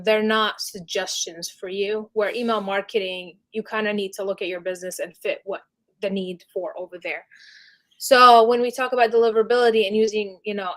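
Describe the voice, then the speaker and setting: A woman guest on a podcast, explaining things in a casual, chatty way full of "like" and "you know". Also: medium pitch. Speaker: podcast guest, email deliverability specialist. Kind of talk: casual interview chat.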